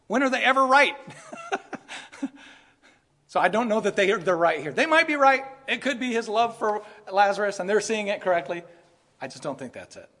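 A man preaching a sermon in an earnest way, building to emphatic peaks and then dropping to quiet asides. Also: sits high, in a large hall. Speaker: pastor.

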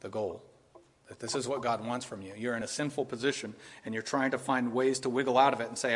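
A man preaching a sermon with emphatic, repetitive, animated delivery, addressing his congregation. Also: medium pitch, quick pace, slightly rough, in a large hall.

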